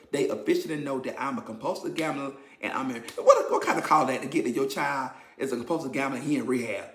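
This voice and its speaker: A man talking candidly to his viewers about a personal struggle, emotional and shifting from quiet to animated. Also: a little high, vocal fry. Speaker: vlogger sharing his testimony. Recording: roomy echo.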